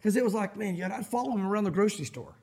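High-voiced man preaching a sermon. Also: very fast, slightly rough. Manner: animated, acts out quoted voices. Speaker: pastor.

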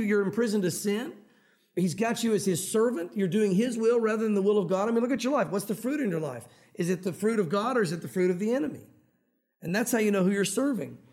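Fast-talking Tennessee preacher, high voice. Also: male voice, darkish tone. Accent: Tennessee Southern. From Tennessee, US South. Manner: fast-talking, conversational, earnest. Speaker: pastor. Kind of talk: evening sermon.

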